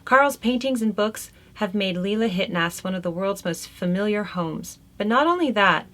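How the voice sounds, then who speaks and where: Woman host, mid-pitched, reads notes aloud with relaxed chatty asides. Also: moderate pace. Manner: conversational, chatty, laughs between remarks.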